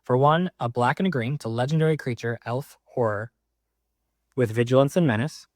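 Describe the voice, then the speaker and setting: A man's voice: medium pitch, a little mellow, dry recording, studio quality. Man casually walking through card text. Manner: reads card text aloud with quick offhand comments. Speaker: card game deck reviewer. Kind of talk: casual deck walkthrough.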